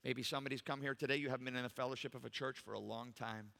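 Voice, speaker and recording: In a church sanctuary, a pastor preaches a sermon very fast in a gravelly, pushed and bright mid-range voice with a steady tone, and a long reverb tail follows his words. He is emphatic and fills his preaching with rhetorical questions to the congregation.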